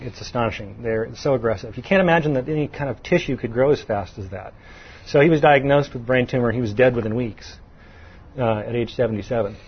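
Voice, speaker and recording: A man's voice: medium pitch, breathy edge, dull audio. A middle-aged man giving a conversational sermon in a folksy way, asking the audience questions and lifting his voice to stress points. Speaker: preacher.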